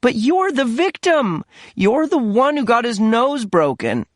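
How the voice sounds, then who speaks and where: A man doing a shrill, nagging old mother. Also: sing-song, unhurried, dry recording, studio quality, exaggerated voice. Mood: alarmed. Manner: scolding, high-pitched and shrill. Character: older woman, a nagging, complaining mother.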